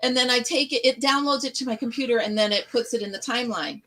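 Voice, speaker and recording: A woman's voice: a little high, fast talker, a bit bright. A middle-aged woman hosting a casual chat, laughing often and acting out little stories with quoted voices. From upstate New York. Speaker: host.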